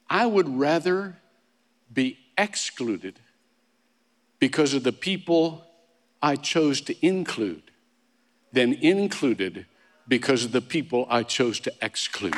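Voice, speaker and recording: A man's voice: fairly high pitch, animated, moderate pace, fairly bright tone, a faint crowd. A male pastor preaching a sermon in a casual, conversational way, with restarts and self-deprecating asides. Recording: long hall reverb.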